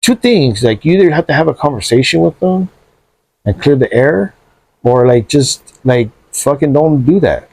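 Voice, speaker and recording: A man chatting casually on a podcast, animated and profane, dropping bro and dude often. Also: fairly high pitch, normal speed, creaky, slightly rough, dry recording.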